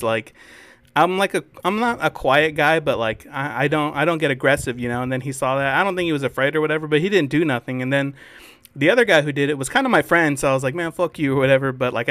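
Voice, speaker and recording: A man's voice: mid-range voice, fairly bright tone, dry recording. A young man co-hosting a podcast, telling school stories in a rambling, swear-filled casual chat. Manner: rambling storyteller, swears freely. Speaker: podcast co-host.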